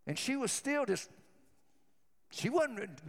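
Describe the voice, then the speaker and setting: A man's voice: sits high, animated, normal speed, fairly bright tone, long reverb tail. A man preaching a sermon to his church, fervent and telling stories as he goes. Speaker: pastor.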